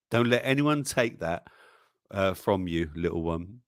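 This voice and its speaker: A man with a low, lively voice hosts a casual live stream and reads memes aloud, chuckling as he goes. His voice swings up and down with animation, recorded dry and close. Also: slow, dry recording. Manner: chatty, chuckles often, warmly exclaims over what he shows. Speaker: livestream news show host.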